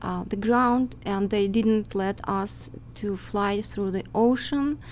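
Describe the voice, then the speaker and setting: Slow hesitant woman speaking non-native English. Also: mid-range voice, darkish tone, a little hiss or hum. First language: not English. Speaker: guest. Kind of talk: casual chat.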